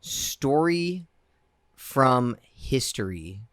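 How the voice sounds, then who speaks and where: A man's voice: medium pitch, big pitch swings, very slow, fairly bright tone, dry recording, studio quality. A man co-hosting a casual podcast, telling a story in a rambling way with many fillers and restarts. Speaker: podcast co-host. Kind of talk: casual chat.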